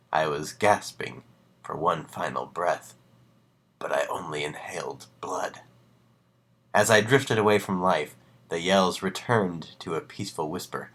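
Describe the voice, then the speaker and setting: Deep-voiced man reading creepy stories. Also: fairly bright tone. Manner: casual asides between dramatic reading. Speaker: live-stream host reading horror stories.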